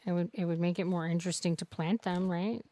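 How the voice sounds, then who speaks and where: A woman's voice: on the low side, steady tone, fast talker, warm tone. A woman streamer chatting through a farming game, rambling and joking with plenty of swearing. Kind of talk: casual gameplay commentary.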